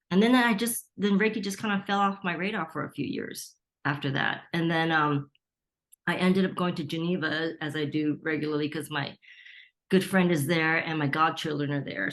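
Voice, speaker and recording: A woman's voice: low-pitched, a bit bright. A middle-aged woman, a podcast guest, telling a story in casual conversation and acting out the voices of people she quotes. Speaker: podcast guest, Reiki teacher.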